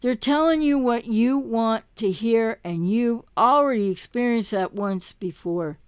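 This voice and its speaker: A slightly high, smooth female voice moves a little slowly through an impassioned monologue to camera. The relationship recovery coach leans on rhetorical questions and repetition for emphasis, recorded at studio quality without echo.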